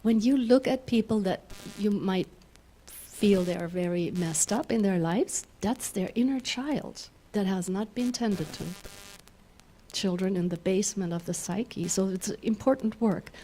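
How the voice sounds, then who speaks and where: Gentle minister. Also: female voice, mid-range voice, measured pace, slight background noise. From German-speaking Europe. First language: German. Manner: gentle, laughs often, guides the audience through breaths. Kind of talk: spiritual talk with guided exercises.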